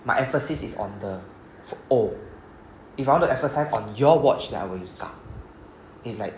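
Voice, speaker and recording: A man's voice: medium pitch, lively intonation, brisk, pauses often, a little hiss or hum. A man with a Singaporean English accent, teaching a Japanese lesson in a classroom and explaining patiently, often checking in with the students. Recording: echoey classroom.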